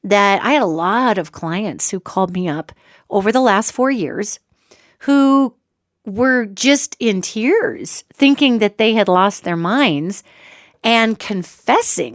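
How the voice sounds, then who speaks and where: Animated woman podcast host, dry close mic. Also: mid-range voice, no echo. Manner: animated, jokey, acts out quoted voices. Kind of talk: solo podcast monologue.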